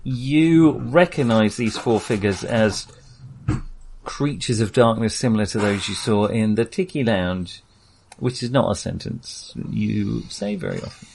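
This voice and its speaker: A man's voice: fairly low pitch, a little slow, vocal fry, darkish tone, a little hiss or hum. A man running a tabletop game as game master, narrating the scene with a laugh in his voice.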